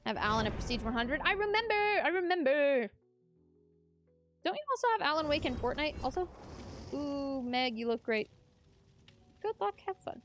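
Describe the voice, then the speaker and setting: A woman's voice: high-pitched, very animated, normal speed, pauses often, fairly bright tone, faint music behind. A young adult woman streamer chatting casually with her chat while gaming, laughing often.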